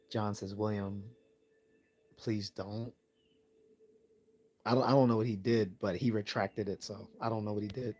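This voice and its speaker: Relaxed man with a low voice. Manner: relaxed, laughs often, repeats words when starting. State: losing his voice. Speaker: live-stream host answering chat. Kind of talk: casual live-stream Q&A.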